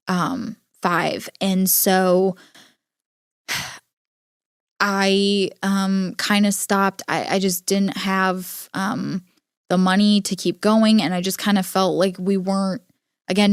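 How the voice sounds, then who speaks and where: A young adult woman hosting a podcast, telling a personal story in an earnest, halting way with many filler words. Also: mid-range voice, clear, resonant tone, no echo, studio quality. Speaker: podcast host. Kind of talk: personal storytelling, casual monologue.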